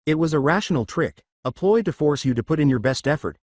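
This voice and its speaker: A man voicing a strict, deadpan male teacher in a read-aloud fan story. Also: a little high, fast, no room sound, studio quality.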